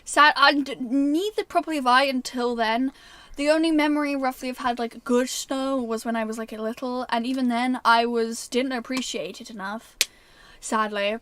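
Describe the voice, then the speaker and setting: A woman's voice: high voice, fairly even intonation, moderate pace, a bit bright. A young woman with a Wiltshire accent hosts a casual livestream on a narrowboat, answering viewer comments in a chatty, bubbly way and sometimes tripping over her words. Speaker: livestream host.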